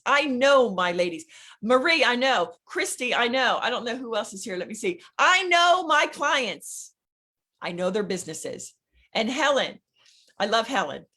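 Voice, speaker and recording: A middle-aged woman coaches a business workshop. Her fairly high voice swings up and down a great deal. She is emphatic and digressive, and she speaks straight to her audience. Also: breathy edge. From Philadelphia, USA. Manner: animated, digressive, emphatic, talks straight to listeners. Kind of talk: teaching a live business workshop.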